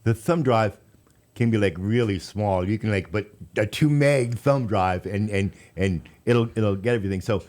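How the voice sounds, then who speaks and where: A man's voice: on the low side, moderate pace, a little mellow. A man hosting a radio talk show, chatty and coaching, who often trips over his words. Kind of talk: casual radio interview chat.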